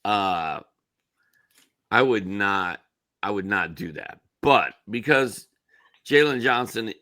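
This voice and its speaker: A man's voice: fairly low pitch, slow, bright, forceful tone. A man co-hosting a sports podcast in a casual chat, thinking aloud and weighing both sides. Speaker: co-host.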